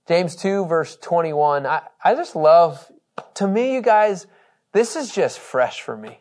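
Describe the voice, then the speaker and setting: High-voiced, lively Bible teacher man. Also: slow. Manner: animated, conversational, laughs often; reads scripture aloud with emphasis. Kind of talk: Bible study lesson.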